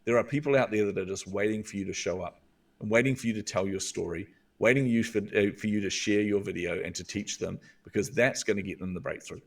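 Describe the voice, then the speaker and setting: New Zealand male guest, earnest storyteller, lowish pitch, mic at some distance. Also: fast. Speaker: guest, visibility coach. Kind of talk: storytelling in a podcast interview.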